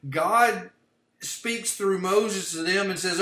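A man's voice: high-pitched, slow, bright, forceful tone. A man leading a livestreamed Bible study, explaining word meanings step by step. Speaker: Bible teacher. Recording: echoey room.

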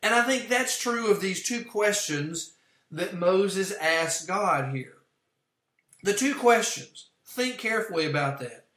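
A man teaches a sermon from an outline, earnest and measured, repeating his points so they sink in. His voice sits high for a man and sounds bright and forward. The room around him rings with echo. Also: animated. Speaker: pastor. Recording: echoey room.

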